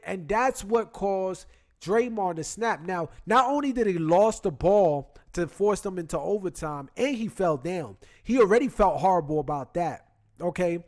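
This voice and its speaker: High-voiced animated man telling sports stories. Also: moderate pace. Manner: animated, slangy storyteller. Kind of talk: casual sports chat. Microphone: computer mic.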